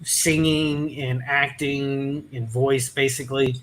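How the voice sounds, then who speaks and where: A man's voice: medium pitch, level tone, slow, a bit bright, slight background noise, poor audio. A man from Florida with a faint Southern accent, rambling in a casual group chat and often restarting his sentences. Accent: Southern American, mostly trained out.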